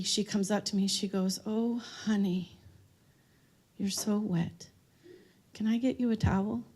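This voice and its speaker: A woman giving a live seminar talk on dementia care, telling stories and asking the room questions. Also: medium pitch. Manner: storytelling, asks the audience questions. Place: room with an audience.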